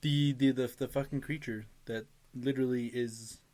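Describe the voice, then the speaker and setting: A man's voice: mid-range voice, fairly even intonation, moderate pace, darkish tone. A young man co-hosting a casual podcast chat, telling stories animatedly, laughing often and swearing freely. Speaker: podcast co-host.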